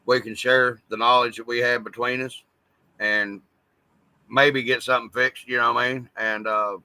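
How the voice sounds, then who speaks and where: A man's voice: medium pitch, level tone, normal speed, pushed and bright, smooth, dry recording. A man chatting casually in a folksy, joking and agreeable way. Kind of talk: casual chat.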